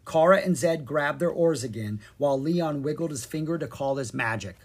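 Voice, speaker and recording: A narrator giving an expressive reading of a children's storybook. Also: medium pitch, moderate pace, husky. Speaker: audiobook narrator.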